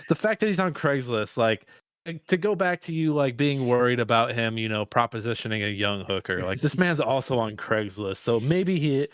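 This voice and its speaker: A man co-hosting a movie podcast, chatting casually with wry, profane, animated reactions. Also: mid-range voice, fairly quick, smooth, no echo, studio quality. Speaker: podcast co-host. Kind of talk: casual movie review chat.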